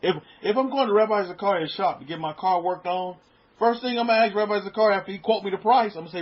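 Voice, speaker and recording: A middle-aged male preacher with a husky, slightly raised voice talks to his congregation in an easy, conversational way. He stumbles over repeated words and drops into quieter asides. The recording sounds dull and lo-fi. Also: high-pitched, quick pace. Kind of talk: sermon.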